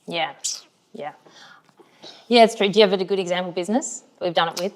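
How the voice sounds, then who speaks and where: Low-voiced woman asking halting questions. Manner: curious interviewer, halting questions. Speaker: podcast co-host. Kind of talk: casual business podcast chat.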